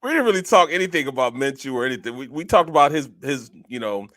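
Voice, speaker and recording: A man's voice: medium pitch, animated, fast, fairly bright tone. Laid-back middle-aged man talking sports. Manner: laughs often, uses bro and man. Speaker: co-host. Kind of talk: casual sports talk.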